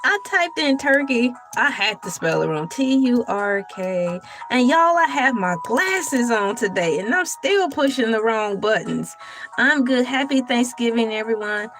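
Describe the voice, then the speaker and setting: Unhurried woman hosting a chatty livestream. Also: a little high, animated, fairly bright tone, faint music behind. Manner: chatty, laughs often, reads from the chat. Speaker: livestream host. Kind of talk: casual livestream chat.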